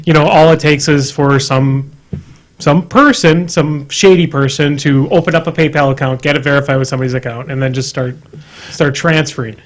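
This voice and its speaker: A man co-hosting a podcast, giving measured, dry replies in a casual chat. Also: on the high side. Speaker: podcast co-host.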